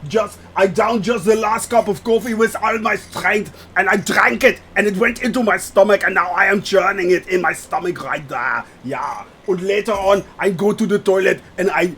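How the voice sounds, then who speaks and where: A man's voice: sits high, moderate pace, hardly any pauses, fairly bright tone, a little hiss or hum. A man, chatting live with viewers while streaming a flight sim, joking and laughing often as he reads the chat aloud.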